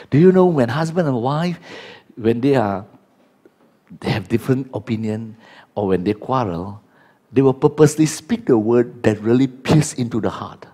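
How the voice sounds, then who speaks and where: Animated preacher, Chinese-native man. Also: fairly low pitch, normal speed. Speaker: pastor. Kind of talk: sermon.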